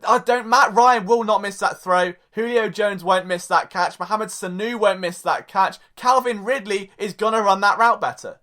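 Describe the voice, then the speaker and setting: A man's voice: high voice, moderate pace, few pauses, pushed and bright. A young man hosting a sports podcast, talking casually in a jokey, rambling way and interrupting himself. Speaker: podcast host.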